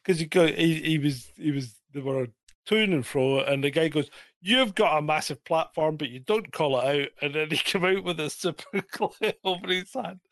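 A man's voice: fairly high pitch, normal speed, a bit bright, no room sound, studio quality. A man co-hosting a podcast, agreeing often and telling a story with laughter in casual chat. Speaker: podcast co-host.

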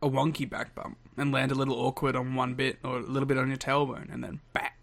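A man's voice: medium pitch, flat delivery, fast talker, vocal fry, fairly bright tone. A man co-hosting a podcast, talking in a rambling casual way and laughing often. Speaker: podcast co-host. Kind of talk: casual chat.

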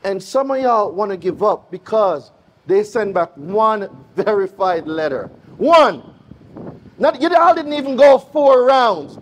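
A middle-aged man with a Jamaican accent, speaking live on a conference stage with an energetic, preachy manner that calls out to the audience. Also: high-pitched, a little slow. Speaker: guest speaker.

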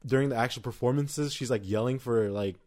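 Male podcast co-host, mid-pitched, relaxed and playful, casual chat delivery. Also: fairly quick. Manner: playful, laughs often, stumbles over words.

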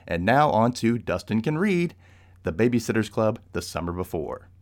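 A man's voice: fairly low pitch, sing-song, moderate pace, a little mellow. Upbeat man hosting a podcast. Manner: upbeat, laughs often, chatty. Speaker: podcast host. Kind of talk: casual podcast chat.

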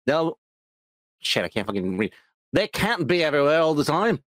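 A man co-hosting a casual podcast, laughing often and chiming in with quick agreement. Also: a little high, big pitch swings, a bit bright, no room sound. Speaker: podcast co-host.

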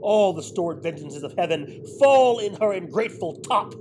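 A man's voice: high voice, lively intonation, normal speed, a little mellow, a little hiss or hum, low-quality recording. A man playing a raging old king. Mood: cursing. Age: older. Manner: wide swings from bellowing rage to broken murmurs. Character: aged raging king, proud and grief-stricken. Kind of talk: audio drama acting.

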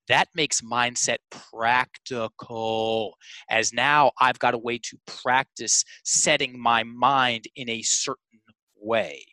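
A man's voice: mid-range voice, bright, forceful tone, no room sound, low-quality recording. A man talking as a coach in an interview, telling stories emphatically, addressing listeners as folks, with frequent restarts. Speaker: sales and mindset coach. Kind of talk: conversational storytelling interview.

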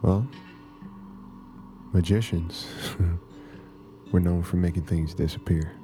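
A man doing a smug, low-voiced magician. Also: slow pace, over music. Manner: taunting, offhand. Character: smug mocking male magician, young adult.

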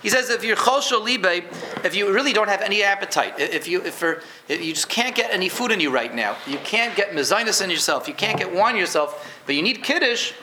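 Bright-voiced man teaching a Torah class. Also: high voice, animated, brisk, slight background noise. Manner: conversational, repeats words, quizzes listeners. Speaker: rabbi teaching Jewish law. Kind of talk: informal halacha class. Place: room with a live audience.

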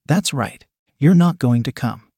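A man voicing a dominant, teasing man who speaks low, soft and commanding. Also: lively intonation, measured pace, husky, dry recording, clean studio sound.

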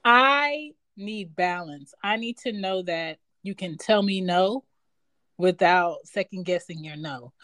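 A woman's voice: fairly low pitch, slow pace, fairly bright tone, dry recording. A woman giving her opinions emphatically in a casual talk show. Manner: emphatic, self-assured.

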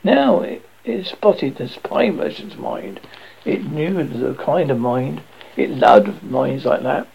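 A man's voice: fairly high pitch, very animated, slow, gravelly, a little mellow, husky. A man narrating a novel aloud in an amateur reading, often stumbling and correcting himself. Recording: dull lo-fi recording.

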